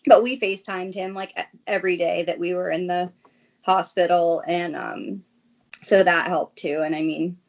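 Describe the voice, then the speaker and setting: A young woman talks in a chatty, rambling way, with many "like"s as she tells her story. Her voice sits a little low. The recording sounds slightly dull and lo-fi. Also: fairly even intonation, normal speed, vocal fry. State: briefly tearful. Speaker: guest. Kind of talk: casual chat.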